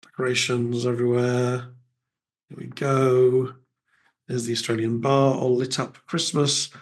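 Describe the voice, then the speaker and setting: A middle-aged podcast host, hoarse and croaky, chatting casually while he walks through his house. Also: mid-range voice, little pitch movement, a little slow. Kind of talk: casual chat.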